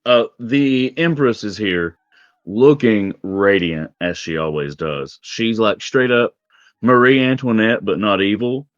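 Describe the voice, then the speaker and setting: A man's voice: on the low side, measured pace, no echo, lo-fi sound. A man narrating as game master of a tabletop game in a casual, rambling way, with many ums.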